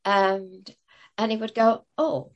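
Slow-spoken older woman. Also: medium pitch, expressive, highs cut off. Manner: slow, hesitant, many fillers and restarts. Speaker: interview guest, author. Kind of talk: casual interview storytelling.

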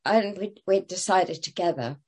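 A woman's voice: fairly low pitch, moderate pace, darkish tone. An older woman telling stories as an interview guest, hesitant, with many fillers and restarts. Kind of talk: casual interview storytelling.

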